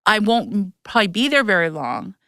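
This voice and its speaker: A woman's voice: medium pitch, big pitch swings, fairly quick, pushed and bright, dry recording, studio quality. A woman in her thirties hosting a podcast, telling stories animatedly and acting out the voices she quotes. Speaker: podcast host. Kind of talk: casual chat.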